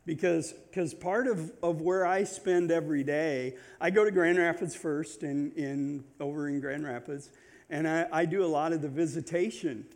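High-voiced chatty preacher man. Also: moderate pace. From Nebraska, USA. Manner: chatty and self-deprecating, joking asides. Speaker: guest pastor. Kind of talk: informal sermon opening, personal storytelling. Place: church in front of a congregation.

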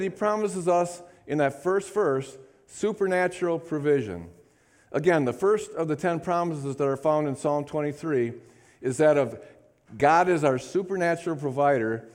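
Man, pastor, sermon, call-and-response, fairly high voice, animated. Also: normal speed. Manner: call-and-response, repeats "amen?", swings from quiet asides to loud declarations.

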